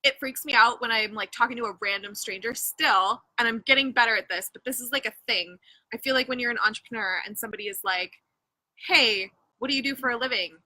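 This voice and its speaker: A woman's voice: a little high, fast, sharp tone, no echo, poor audio. A woman chatting casually as a guest, blunt and offhand. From Canada. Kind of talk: casual chat.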